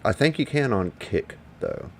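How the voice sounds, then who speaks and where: A man's voice: medium pitch, expressive, measured pace, slight background noise. Profane, rambling man streaming. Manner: rambling, profane, talks back to viewers. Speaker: livestreamer. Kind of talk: casual livestream chat.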